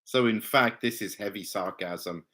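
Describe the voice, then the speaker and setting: Slow, emphatic male preacher. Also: bright, forceful tone. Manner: slow, emphatic teaching with wide pitch swings. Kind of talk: Bible study sermon.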